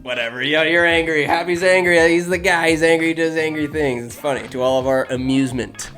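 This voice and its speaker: A man hosting a podcast, retelling a movie in an animated, profane way and hopping into character voices. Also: fairly high pitch, brisk, faint music behind. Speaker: podcast host.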